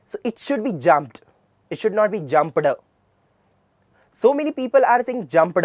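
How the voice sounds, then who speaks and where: A man's voice: high voice, very animated, measured pace, darkish tone, dry recording, clean studio sound. A man with an Indian English accent teaching English pronunciation. He spells words out letter by letter and repeats them with emphasis. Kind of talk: classroom lecture.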